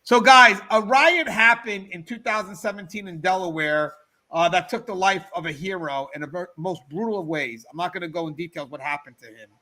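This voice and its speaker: A middle-aged man hosting a livestreamed talk show, chatting casually and telling a story to his viewers in an animated way. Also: high-pitched, brisk. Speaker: podcast host. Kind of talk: casual storytelling to a live chat.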